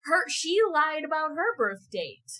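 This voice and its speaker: A woman's voice: high-pitched, sing-song, measured pace, pushed and bright, low-quality recording. Blunt, laughing woman podcast co-host. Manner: chatty, laughs often, blunt swearing. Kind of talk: casual chat.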